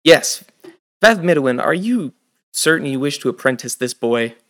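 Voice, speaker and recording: A man's voice: fairly high pitch, animated, normal speed, fairly bright tone. A man plays an impatient, snobbish male temple official. He sounds haughty and short-tempered in this storybook. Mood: irritated.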